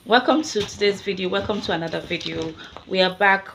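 Husky Nigerian mom chatting to camera. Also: female voice, mid-range voice, a little fast, fairly bright tone, slight background noise. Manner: chatty, breaks off to coax and instruct her toddler. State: hoarse after a sore throat. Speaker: family vlogger and mother. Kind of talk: casual chat to camera. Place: at home indoors. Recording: background music under the voice.

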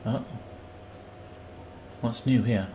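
A man's voice: medium pitch, drawn-out words, background noise. A man giving casual, rambling commentary while playing a game and reading its text aloud. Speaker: streamer.

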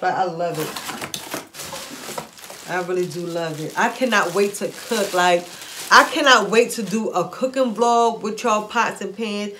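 A woman vlogger chatting excitedly through a shopping haul, gushing and repeating herself with delight. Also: lowish voice, slight background noise. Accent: Philadelphia-area African American English. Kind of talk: excited haul video chat.

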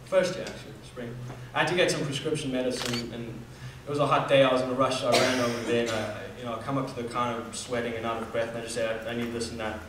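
An earnest student speaker from Namibia, a young man in his 20s, moves fast through a personal story with few pauses, his medium-pitched voice fairly even, peppered with fillers and restarts. The echoey hall is very reverberant, the recording distant, with faint room hum.

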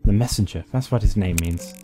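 A man voicing an eerie young boy, reading game dialogue aloud in a soft, earnest, raised voice. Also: fairly low pitch, brisk, music in the background, lightly acted.

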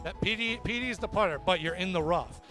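A man's voice: high voice, fast, bright, forceful tone, faint music behind. A man hosting a live gaming stream at a convention, joking and coaching a player through a golf game. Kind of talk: casual live commentary.

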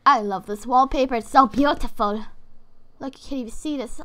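Bubbly high-voiced woman gushing excitedly. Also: moderate pace. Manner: excitable and rambling, many fillers. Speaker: gaming YouTuber. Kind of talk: casual reaction video.

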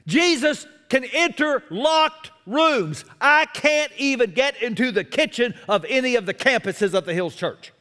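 A middle-aged man preaching a sermon as pastor, expressive, with self-deprecating humor. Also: very high voice, unhurried, hardly any pauses, in a large hall.

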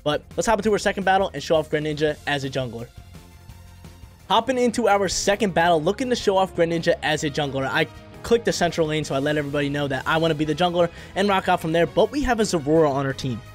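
A man's voice: a little high, soft background music. Hyped young man calling gameplay. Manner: hyped, slangy, quick reactions. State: briefly coughing. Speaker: gaming YouTuber. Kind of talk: live gameplay commentary.

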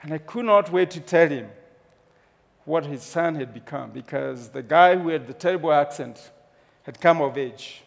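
Kenyan male speaker, lively comic storyteller, slightly high voice with a touch of fry. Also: normal speed. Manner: humorous, animated storyteller. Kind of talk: storytelling talk on stage. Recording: long hall reverb.

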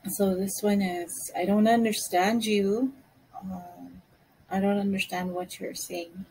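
A woman giving a language lesson, saying each phrase slowly and repeating it for learners. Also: mid-range voice, level tone, gravelly, darkish tone, slightly rough, rough recording. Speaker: Cree language teacher.

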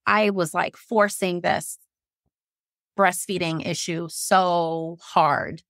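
Gravelly woman telling a candid story. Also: lowish voice, slow pace, no room sound, clean studio sound. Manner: animated, acts out what others said; frequent "like" and quoted self-talk. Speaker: podcast guest.

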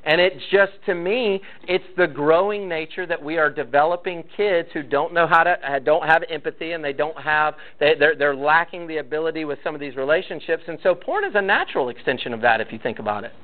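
A man's voice: fairly high pitch, expressive, fairly quick, few pauses. A man leading a church parenting class, talking casually to parents and telling stories with acted-out quotes. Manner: conversational, storytelling, acts out quotes. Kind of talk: casual teaching talk to parents. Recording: tinny phone-like sound.

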